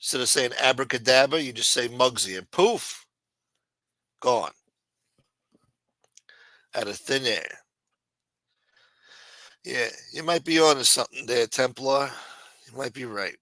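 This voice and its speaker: A man's voice: mid-range voice, unhurried, pauses often, pushed and bright, no room sound. A man hosting a casual late-night livestream, trash-talking a rival with profanity and greeting viewers in the chat by name. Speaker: livestream host.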